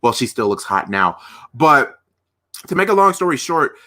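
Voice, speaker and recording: A man hosting a live watch-party stream, reacting with excited, rambling commentary that often breaks off mid-sentence. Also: medium pitch, moderate pace. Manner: restarts and trails off mid-sentence.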